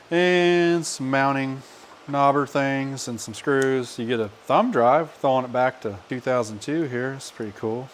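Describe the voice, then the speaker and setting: A man's voice: medium pitch, slight background noise. Wry rambling man in a garage. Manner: wry, rambling, swears casually while working. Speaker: DIY mechanic channel host. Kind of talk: casual garage work commentary. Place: home garage or shop.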